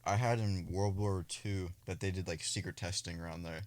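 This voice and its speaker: A young American man chatting on a casual podcast, dropping offbeat deadpan asides. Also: low voice, moderate pace, no echo. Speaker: podcast co-host.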